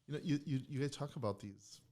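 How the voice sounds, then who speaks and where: A man's voice: mid-range voice, fast talker, warm tone. A middle-aged man, a business owner guest in a casual chat, skeptical and stammering with repeats.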